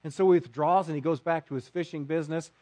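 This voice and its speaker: A man's voice: on the high side, steady tone, fast talker, a little mellow. A man preaching a sermon, telling a story dramatically and acting out the quotes himself.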